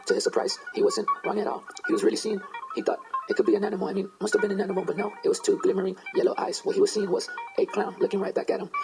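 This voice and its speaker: A man's voice: high-pitched, gravelly. A man casually retelling a horror story, rambling with fillers and side remarks. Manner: rambling, digressive, with many fillers and asides. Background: guitar music.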